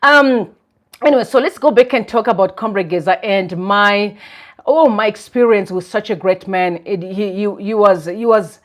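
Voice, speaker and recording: A woman hosts a casual live stream at a middling pitch. She speaks earnestly and reflectively, with soft laughs between her thoughts. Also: normal speed.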